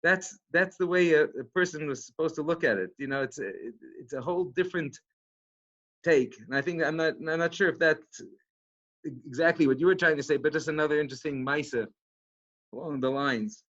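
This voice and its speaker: A rabbi speaking in a casual, halting way with many restarts and fillers. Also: male voice, on the high side, a bit bright. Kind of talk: casual talk. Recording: dull lo-fi sound.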